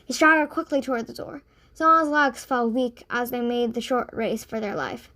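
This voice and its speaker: A woman narrating a children's audiobook in an expressive read-aloud manner. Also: on the high side, moderate pace.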